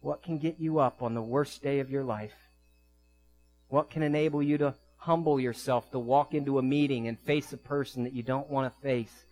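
A man preaching a sermon as pastor, telling vivid stories in quick bursts and slowing down to soft, quiet emphasis. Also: medium pitch, steady tone, soft background music, rough recording.

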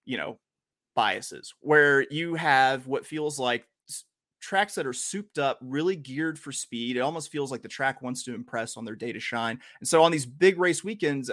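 A man's voice: medium pitch, a bit bright, no room sound, clean studio sound. A man hosting a horse racing podcast in a casual, joking way, wandering into rambling asides. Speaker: podcast host.

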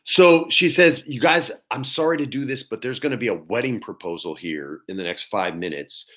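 A man, an actor, telling a story in casual chat, lively and swearing freely as he acts out quotes. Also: mid-range voice, moderate pace. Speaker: actor guest.

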